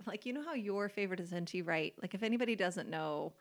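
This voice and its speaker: A woman's voice: medium pitch, fast. Woman, podcast co-host, casual faith chat, chatty, laughs easily, leans on key words.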